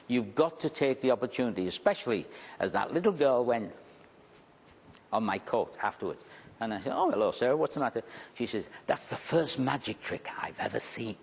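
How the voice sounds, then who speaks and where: A man giving a conference talk as a magician, telling a story in an animated way and repeating his key phrases for emphasis. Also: mid-range voice, slightly rough. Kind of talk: storytelling lecture. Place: large conference hall. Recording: long hall reverb.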